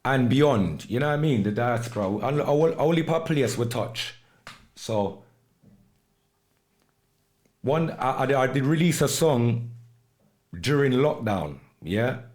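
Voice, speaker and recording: A relaxed man talks through his music on a podcast, easygoing and unhurried, with patois slang mixed into his speech. His voice sits at an ordinary middle pitch. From United Kingdom. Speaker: podcast host and music artist. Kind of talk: casual podcast talk.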